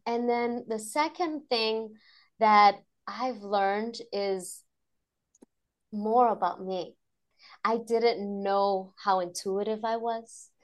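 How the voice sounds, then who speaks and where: A woman guest on a podcast, talking reflectively and emotionally about teaching mindfulness to children, laughing often. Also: mid-range voice. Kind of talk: conversational interview.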